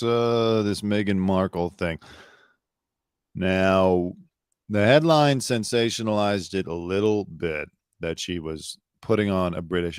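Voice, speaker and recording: A man's voice: sits low, no room sound, clean studio sound. A man hosting a live news commentary show, blunt, sarcastic and opinionated, talking loosely with fillers and asides.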